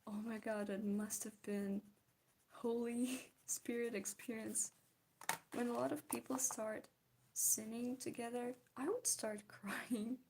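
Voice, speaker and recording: A woman's voice: fairly high pitch, steady tone, takes it slowly, a little mellow, slight background noise. A young woman streaming while she draws, chatting casually with her viewers, giggling often and answering their comments. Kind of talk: casual chat while drawing.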